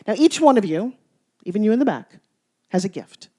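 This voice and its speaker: A woman giving a motivational speech to a live audience, telling stories with playful teasing and swinging between loud bursts and hushed asides. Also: medium pitch, big pitch swings, brisk. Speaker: motivational speaker.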